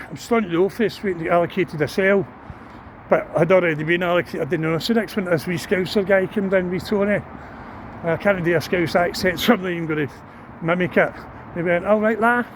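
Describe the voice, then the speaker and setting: A middle-aged Scottish man rambles through a sweary walk-and-talk story, his voice sitting fairly high. He records on a phone as he walks a town street. Loud traffic runs behind him the whole time. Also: steady tone, a little fast, poor audio. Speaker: vlogger.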